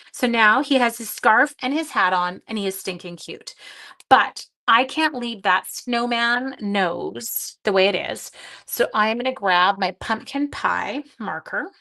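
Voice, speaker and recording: A slightly high, somewhat bright voice belongs to a middle-aged woman who hasn't slept much. She hosts a live craft-along, chatting with her audience as she keeps working.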